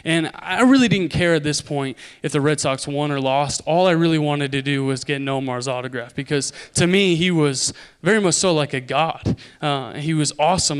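A young man from Idaho preaching a sermon, telling a story with animated, loud impressions. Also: a little high, smooth.

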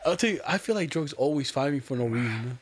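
A man's voice: medium pitch, animated, quick pace, a little hiss or hum. A young man chatting casually, telling loose stories full of slang and laughing often. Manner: laid-back storytelling, heavy slang, laughs often. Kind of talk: casual chat.

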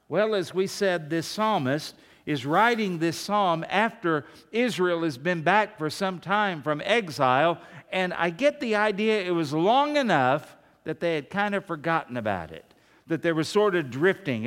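A male pastor delivers a lively sermon in a fairly high voice. He drifts into half-sung hymn lines now and then. His words trail off into the long reverb of a big church hall. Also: clean tone. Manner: animated preaching, half-singing hymn lines.

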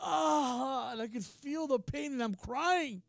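Man, preacher, very high voice, dry close sound, casual passionate sermon. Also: lively intonation, moderate pace, creaky, no room sound. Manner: passionate, swings from quiet to shouting; casual, says "man" often.

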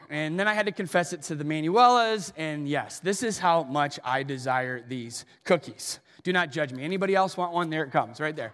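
Man pastor, sermon, high voice, animated self-mocking storytelling, long church reverb. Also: moderate pace. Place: church auditorium.

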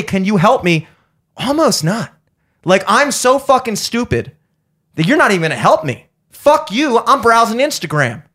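A man's voice: very high-pitched, fairly bright tone. A man hosting a podcast, telling a heated, sweary story and ranting with mocking asides. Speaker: podcast host.

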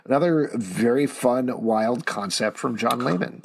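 Husky-voiced man hosting a podcast. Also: medium pitch. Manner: brisk, introduces each title. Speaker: podcast host. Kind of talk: casual podcast chat.

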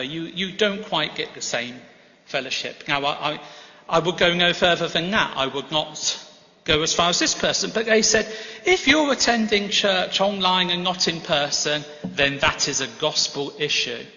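A man preaches a sermon in a large church, with a bright, fairly high voice that rings out into a long hall reverb. He tells his stories gently, with self-deprecating humor, and the recording sounds a little dull and muffled. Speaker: guest preacher.

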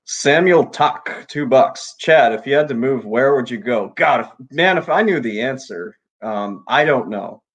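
A man's voice: mid-range voice, lively intonation, unhurried, few pauses, a bit bright, slightly rough. A man co-hosting a casual late-night chat over a video call, reading donation messages and giving blunt, laid-back advice.

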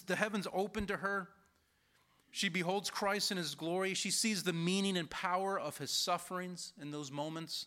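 A man preaching an earnest sermon, taking his time and leaning on key phrases. His voice sits a little high and sounds bright and forward. He tells stories in a steady, deliberate way. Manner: measured, earnest preaching, slowing for emphasis. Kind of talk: sermon with storytelling.

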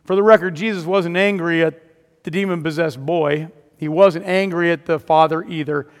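A man's voice: a little high, steady tone, moderate pace. A man preaching a sermon, retelling a story dramatically and rising to emphatic peaks. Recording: long hall reverb.

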